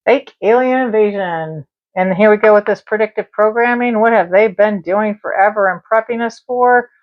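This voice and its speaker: Woman, live-stream host, casual chat, mid pitch, muffled lo-fi audio. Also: normal speed. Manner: chatty, talks straight to viewers and spirits. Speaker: live-stream tarot and spirit box host.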